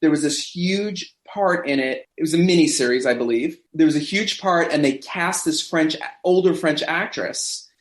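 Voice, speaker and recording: A man in a casual podcast chat, telling lively backstage stories and acting out what people said. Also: fairly high pitch, normal speed, hardly any pauses. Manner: animated storyteller who acts out quoted voices. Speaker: podcast guest. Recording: roomy echo.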